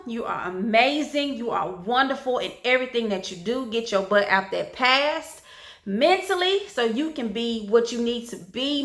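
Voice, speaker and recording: A woman's voice: fairly high pitch, fairly bright tone. Emphatic woman giving an echoey pep talk. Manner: repetitive, emphatic, preachy, says "period" for emphasis. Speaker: Christian encouragement vlogger. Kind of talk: casual inspirational pep talk.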